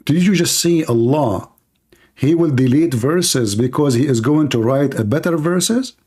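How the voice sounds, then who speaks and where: Insistent man with a high voice debating. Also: unhurried, darkish tone, husky. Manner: insistent, repeats himself, talks over the caller. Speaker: debate host. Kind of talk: live religious debate.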